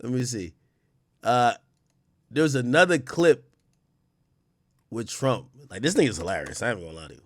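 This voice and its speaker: A man's voice: mid-range voice, lively intonation, normal speed, long pauses, dry recording. A man in his thirties giving blunt, profane commentary as he reacts to news clips, laughing often.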